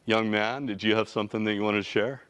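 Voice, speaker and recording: A calm, kindly businesswoman speaks in a measured, unhurried way, quoted by a man in his own low voice. The tone stays level and patient. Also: smooth, close to an everyday voice.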